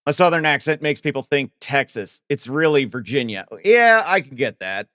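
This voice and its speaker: Male streamer from Ohio, casual rambling chat with viewers, dry close sound, very animated delivery. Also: mid-range voice, no room sound. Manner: rambling, reads chat aloud and answers with quick laughs. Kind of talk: casual live-stream chat while coding.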